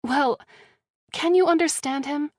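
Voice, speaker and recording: A woman voicing a friendly, brisk young woman who is a fellow captive, as audiobook dialogue. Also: high-pitched, darkish tone, dry recording, clean studio sound, voice pushed up. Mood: matter-of-fact.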